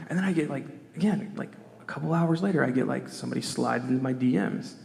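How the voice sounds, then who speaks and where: A middle-aged man speaking on a convention panel, telling a casual, animated story full of "like"s. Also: mid-range voice, fast talker, vocal fry, few pauses. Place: large convention hall. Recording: echoey convention hall.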